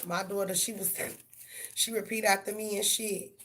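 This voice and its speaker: A woman's voice: mid-range voice, flat delivery, moderate pace, noisy background. A middle-aged woman, giving tarot readings on a live stream and talking blunt and profane to her viewers. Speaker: tarot reader.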